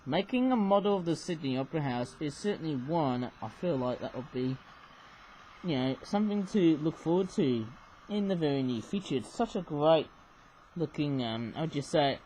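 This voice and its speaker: A man's voice: fairly high pitch, a little mellow, slight background noise, rough recording. Chatty rambling man reviewing toys. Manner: rambling, chatty, frequent "oh my goodness me" and "eh?". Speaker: toy reviewer. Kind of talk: casual toy review vlog.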